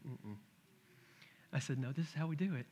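A middle-aged man preaching a sermon, telling a family story with lively acted-out voices. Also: a little high, very fast, slight background noise. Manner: animated storytelling, acts out his toddler's shouts. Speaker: pastor. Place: church sanctuary.

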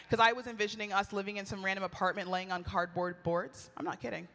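A woman's voice: mid-range voice, flat delivery, fast talker, few pauses, a bit bright. A middle-aged woman preaching at a retreat, candid and conversational, telling personal stories with animation. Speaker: retreat speaker. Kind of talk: sermon. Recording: long hall reverb.

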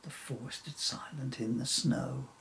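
A man reading a rhyming children's story aloud in a slow, expressive way. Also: medium pitch, vocal fry, slight background noise, rough recording.

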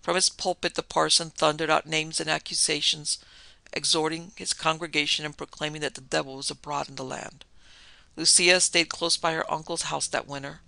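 A man narrating a classic horror story in a measured, dramatic storytelling manner. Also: a little high, little pitch movement, gravelly, sharp tone, dry recording, low-quality recording.

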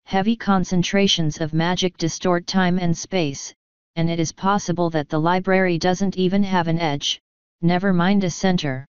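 Woman reading an audiobook, very clear. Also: on the low side, fairly even intonation, normal speed, no room sound, muffled recording. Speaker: audiobook narrator. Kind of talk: scripted audiobook narration.

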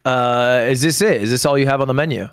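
A man's voice: medium pitch, quick pace, clean tone, no room sound, clean studio sound. A man playfully teasing his friends in casual chat while playing a game.

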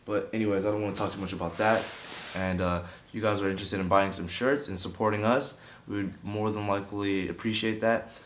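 A man's voice: lowish voice, steady tone, brisk, a little hiss or hum. A young man chatting casually as he teaches beatbox sound effects, breaking off to demonstrate mouth sounds. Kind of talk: casual video tutorial.

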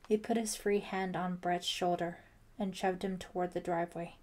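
A woman narrating a thriller audiobook in steady, scripted storytelling. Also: fairly low pitch. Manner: slow, even storytelling.

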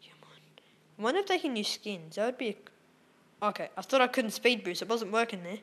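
A gaming YouTuber gives excitable live gameplay commentary, squealing at wins and dropping to whispers when things get tense. Her voice is a little high and quick.

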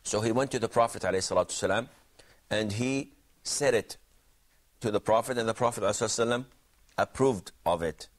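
A man's voice: on the low side, quick pace, pauses often. A man teaching a religious jurisprudence class, explaining points and quizzing students by name. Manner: questioning, explanatory, repeats himself. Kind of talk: classroom lesson with questions to students.

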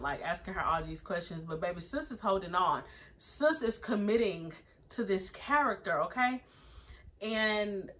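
A woman's voice: fairly low pitch, fairly bright tone, rough recording. Chatty sassy woman recapping a show. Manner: chatty, sassy, slangy, with plenty of filler. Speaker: TV episode reviewer. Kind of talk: casual chat.

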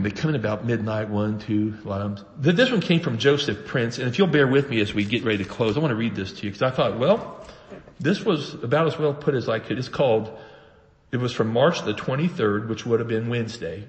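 A man preaching a sermon as pastor, telling the story with animated voices for its characters. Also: mid-range voice, long reverb tail. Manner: animated storytelling, acting out voices of the father and sons. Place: church sanctuary.

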